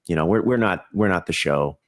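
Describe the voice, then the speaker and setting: Measured, low-voiced man talking baseball. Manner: measured, earnest, frequent fillers and restarts. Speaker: TV baseball show host, guest. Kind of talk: podcast interview.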